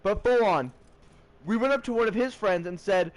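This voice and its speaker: A teenage boy chatting casually to his vlog audience, tired and rambling, with excitable bursts. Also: high voice, moderate pace, noisy background. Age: teens. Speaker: high school student vlogger.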